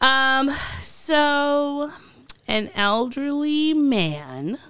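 A woman's voice: high voice, animated, very slow, fairly bright tone, no room sound, studio quality. A woman co-hosting a podcast, telling odd news stories in a rambling, giggly casual chat. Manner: giggly, rambling with fillers and restarts. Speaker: podcast co-host.

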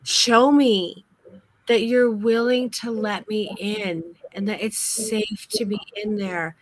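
A woman's voice: medium pitch, steady tone, takes it slowly, no room sound. Brief: woman instructor, effusive and gushing, live-stream critique, close dry mic. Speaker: photography course instructor.

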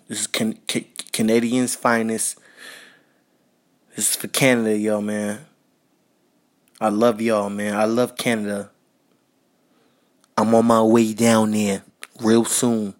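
A man's voice: fairly low pitch, flat delivery, unhurried, pauses often. A man hosting a podcast, giving a casual spoken tribute in a slangy, repetitive way and talking straight to his listeners. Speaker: podcast host.

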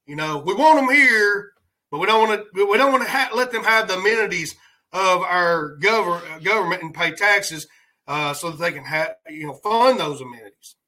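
A man's voice: high-pitched, animated, normal speed, pushed and bright, low-quality recording. A man hosting a podcast, giving rambling, heated political commentary in a colloquial way. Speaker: podcast host.

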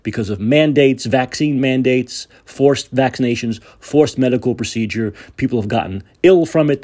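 A man's voice: mid-range voice, a little mellow. A male host delivering a heated political commentary monologue, ranting emphatically, repeating phrases and restarting sentences.

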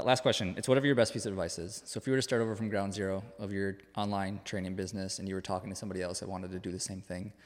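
A man hosting a podcast, asking questions in a brisk, upbeat way. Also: low voice, long reverb tail. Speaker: podcast host. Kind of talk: interview questions.

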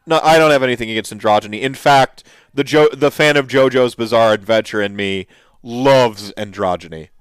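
Male host, casual commentary; smooth, resonant, dry; eager and rambling. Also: mid-range voice, fairly quick, no room sound. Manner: enthusiastic, rambling with restarts and fillers. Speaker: host reacting to miniature reveals.

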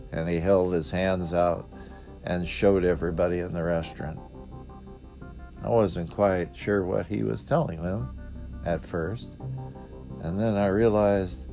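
Older male storyteller, deep and low-pitched, relaxed dry delivery, soft guitar underneath. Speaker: storyteller, retired park ranger. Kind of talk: casual spoken storytelling.

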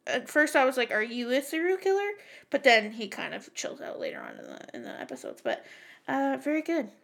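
A woman's voice: a little high, huge pitch swings, a little fast, creaky, fairly bright tone. A young woman co-hosting a podcast in casual chat, profane and sarcastic, often dropping to a near-whisper. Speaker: podcast co-host.

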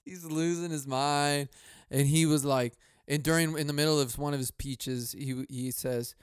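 A young man hosts his podcast alone, ranting casually with heavy swearing and frequent laughs. His voice sits fairly high and sounds smooth and resonant. The mic is close in a dry, dead room. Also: fairly even intonation, normal speed, dry recording. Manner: profane, rambling, laughs often. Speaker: podcast host.

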